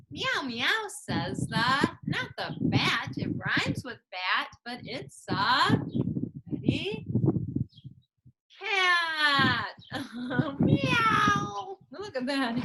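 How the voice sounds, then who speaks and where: A woman's voice: high-pitched, very animated, slow, very noisy. A woman speech therapist teaching preschoolers in a sing-song way, stretching words out and making playful animal sounds. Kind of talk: slow, sing-song teaching to young children.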